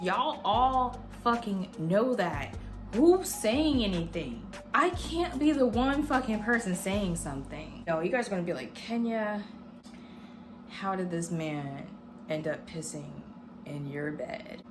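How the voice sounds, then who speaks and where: Young woman vlogger, lively storyteller, curses a lot, faint music underneath. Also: medium pitch, unhurried. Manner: animated, swears freely, voices others in quotes. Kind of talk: casual storytelling. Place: home room with a heater.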